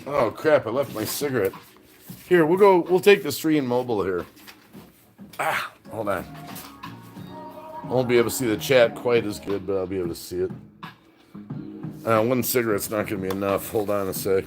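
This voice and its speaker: A man's voice: lowish voice, moderate pace, long pauses, music in the background. A man in his fifties live-streaming from his home garage on a phone, chatting casually, laughing often and answering his viewers' chat. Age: 50s.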